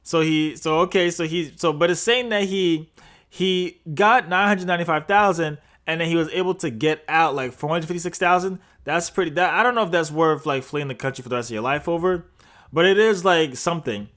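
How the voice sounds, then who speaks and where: A man's voice: fairly high pitch, a little fast, a bit bright. A man hosting a livestreamed crypto news show, reading articles aloud and breaking off into jokey, rambling asides. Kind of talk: casual livestream news commentary.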